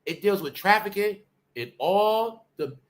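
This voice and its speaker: A man, ranting bluntly on his commentary channel, jumping from loud outbursts to low mutters. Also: animated, measured pace. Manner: loud, blunt and swinging between shouting and muttering.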